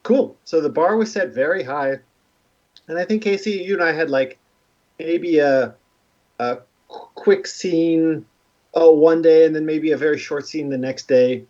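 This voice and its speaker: A man's voice: on the high side, a little slow, darkish tone. Self-deprecating male streamer, rambling, muffled mic. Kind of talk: casual livestream chat. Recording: dull lo-fi stream audio.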